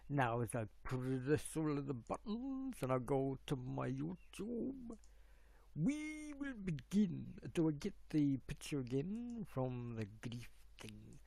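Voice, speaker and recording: A man's voice: fairly high pitch, sing-song, slow pace, vocal fry, warm tone. A middle-aged man, rambling on a live stream while he fiddles with his stream settings. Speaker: livestream host.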